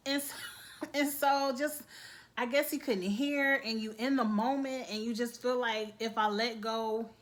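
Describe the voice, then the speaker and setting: An expressive woman speaks as she recaps a reality TV episode in casual chat. Her voice swings up and down, and she laughs often. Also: on the high side, unhurried, slight background noise.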